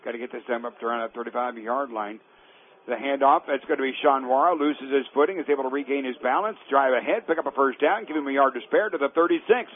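A mid-range male announcer calls live college football from the press box, with slight background noise on a tinny phone-line radio broadcast. As big plays break, his voice shoots up and slows, the words stretching out.

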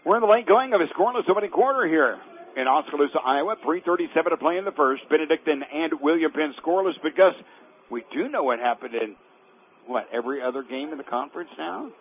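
A man's voice: fairly high pitch, animated, slightly rough. A man calling live college football play-by-play from the press box, rising and stretching his words when a big play breaks. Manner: rises sharply and slows on big plays. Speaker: play-by-play announcer. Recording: tinny phone-line radio broadcast.

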